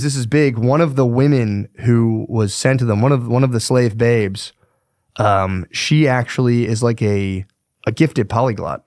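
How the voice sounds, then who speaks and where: A man's voice: medium pitch, darkish tone, dry recording, studio quality. A young man hosting a podcast, retelling history in a casual, profane, rambling way. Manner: profane, slangy, rambling with fillers. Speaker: podcast host.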